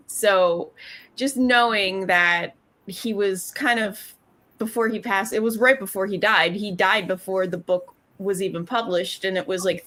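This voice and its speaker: A woman's voice: medium pitch, fairly bright tone. A woman co-hosting a podcast, chatting casually about a film with many fillers and restarts. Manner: rambling, heavy use of "like" and "um". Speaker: podcast co-host. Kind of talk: casual movie review chat.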